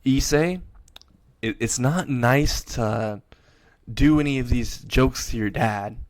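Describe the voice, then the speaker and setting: A man voicing a mild, gently scolding middle-aged mother in a fan story. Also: mid-range voice, slow, no room sound, lightly acted.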